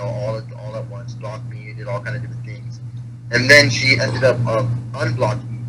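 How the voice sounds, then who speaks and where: A man speaking candidly as an interview guest, talking in a casual, repetitive way that turns heated at points. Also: medium pitch. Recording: noisy with hum.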